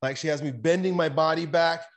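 A man talking as a podcast guest, telling a personal story in a candid, animated way, swearing now and then. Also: fairly high pitch, fairly quick. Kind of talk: casual conversational storytelling.

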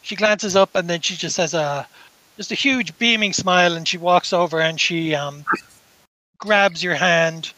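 A man narrating as game master of a tabletop game, halting and full of fillers. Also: high voice, sharp tone, no echo, poor audio.

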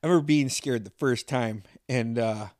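A man's voice: medium pitch, normal speed, no room sound, clean studio sound. A man hosting a podcast, telling stories in casual chat and swearing often. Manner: swears a lot, animated storytelling. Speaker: podcast host.

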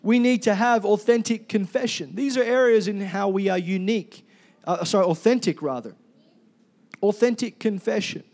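Male pastor, high voice, loud and energetic sermon delivery. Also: moderate pace. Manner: energetic, loud, calls for congregation responses.

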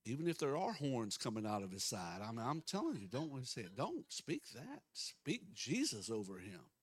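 Fervent pastor, emphatic sermon. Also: male voice, mid-range voice, sing-song, normal speed, husky, dry recording. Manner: emphatic, swings between loud declarations and soft asides. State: out of breath.

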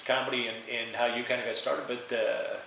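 A man's voice: mid-range voice, little pitch movement, brisk, gravelly, pushed and bright. A man hosting a casual chat, hesitant, with many fillers and restarts. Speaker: podcast host. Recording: very echoey room with faint noise.

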